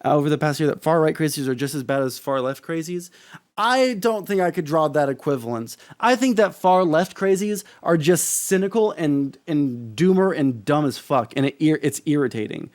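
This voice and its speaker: A man's voice: a little high, animated, normal speed, no echo. A young man giving casual political commentary as a streamer, profane and ranting, with many restarts.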